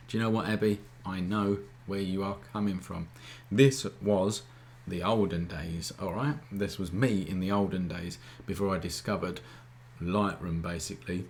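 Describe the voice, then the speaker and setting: A man whose voice sits low speaks at a normal speed while leading a live photography Q&A. It's casual stream teaching with loose phrasing, frequently asking the audience "all right?"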